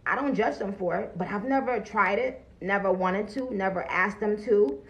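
A woman's voice: mid-range voice, moderate pace, lo-fi sound. A woman chatting bluntly and profanely on a phone livestream, greeting viewers as she talks. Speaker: livestream host. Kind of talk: casual livestream chat. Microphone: phone camera.

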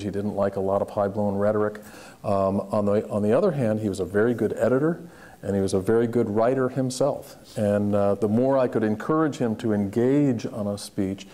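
Guy on a panel swapping stories, lowish mellow voice, lots of restarts. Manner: storytelling, with restarts. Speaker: panelist, former White House communications director. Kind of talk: anecdotal panel talk. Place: lecture hall panel.

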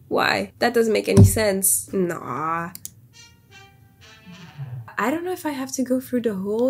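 A woman's voice: a little high, creaky, slight background noise. A young woman with a French accent, a native French speaker, chatting casually to camera as a YouTuber, laughing often and sometimes exasperated, recorded on a phone's small mic. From France. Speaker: YouTuber testing a language app.

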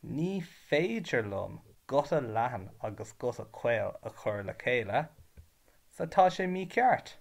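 A man's voice: mid-range voice, gravelly. A man with an Irish accent teaching a revision lesson, patient and spelling words out syllable by syllable.

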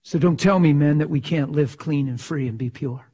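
A man preaching a sermon, emphatic and dramatic, swinging from loud to hushed. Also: a little high, moderate pace, slightly rough.

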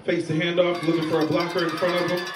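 A man calls a youth football game play by play, calm and steady as each snap unfolds. His voice sits a bit high and comes from a distance, echoing over the field. A loud crowd and steady noise fill the background. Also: fast, music in the background. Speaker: play-by-play commentator.

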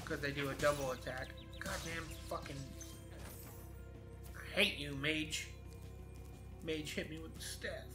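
A man's voice: on the high side, a little slow, long pauses, music in the background. A man in his twenties casually commenting on a game he plays, swearing and rambling freely. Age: 20s. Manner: profane, rambling, chatty. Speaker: gameplay commentator. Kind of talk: casual let's-play commentary.

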